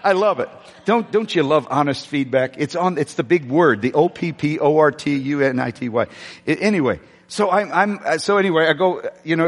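Chatty pastor telling a story from the pulpit. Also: male voice, on the high side. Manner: chatty, self-deprecating, halting restarts. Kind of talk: sermon storytelling. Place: church sanctuary. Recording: long hall reverb.

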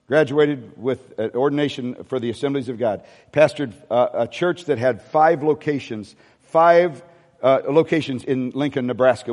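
A man's voice: mid-range voice, darkish tone, in a large hall. A man preaching a sermon as a pastor, telling a personal story, dropping to near-whispers and rising to emphatic peaks.

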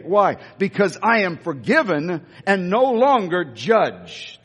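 A man preaches in a church, his high voice leaping up and down as he hammers home repeated lines. His tone is a little husky, and long reverb trails each phrase through the hall. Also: sing-song. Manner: emphatic, repeats key lines, swings from slow stressed phrases to quick asides. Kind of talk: sermon.

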